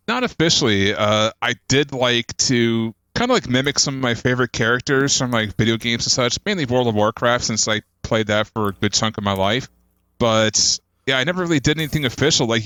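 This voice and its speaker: Modest male podcast guest, bright dry voice. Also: mid-range voice, no echo. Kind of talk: casual chat.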